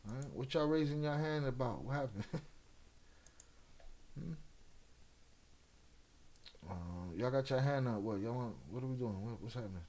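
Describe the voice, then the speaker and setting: A man's voice: mid-range voice, moderate pace, long pauses, darkish tone. A man hosting a livestream, chatting casually with viewers and teasing them with loose, profane banter. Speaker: livestream host. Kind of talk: casual chat with live viewers.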